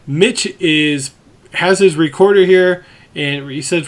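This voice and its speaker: A man with a slightly higher voice recaps a movie for his podcast. He tells it scene by scene and jumps into animated voices for the quotes. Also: normal speed. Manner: narrates scenes, acting out quotes in lively voices. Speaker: podcast host.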